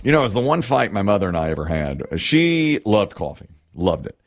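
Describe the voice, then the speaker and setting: A man's voice: lowish voice, very animated, fairly quick, no room sound, clean studio sound. A middle-aged man hosting a show, chatting casually and telling rambling stories. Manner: chatty, rambling, with restarts and storytelling. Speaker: radio show host. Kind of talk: casual on-air chat.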